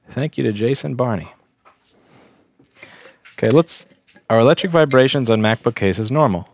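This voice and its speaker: A young adult man from Staten Island, New York, speaks at a medium pitch with no echo. He's a repair technician casually walking through a bench test on a livestream, thinking aloud, restarting sentences, and talking bluntly.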